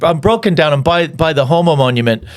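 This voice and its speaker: A man's voice: a little high, lively intonation, fast talker. A man telling a long, rambling story in casual pub talk, swearing freely and restarting his sentences often. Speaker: comedian guest.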